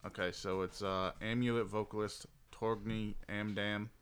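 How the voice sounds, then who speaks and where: A man's voice: on the low side, flat delivery, moderate pace, a bit bright, smooth. A man co-hosting a podcast, offhandly reading out search results. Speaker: podcast co-host. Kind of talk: casual chat.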